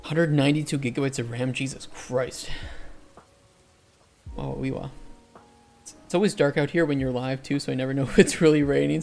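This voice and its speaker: A man's voice: medium pitch, creaky, a little mellow. A man, an indie game developer, chatting casually on a livestream while he codes. He answers chat and often restarts his sentences.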